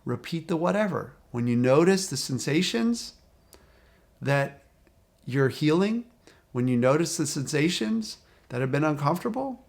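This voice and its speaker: A man speaking as a recovery coach, talking straight to the viewer in a calm, repetitive, encouraging way. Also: on the high side, a little slow, vocal fry. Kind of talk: direct-to-camera coaching talk.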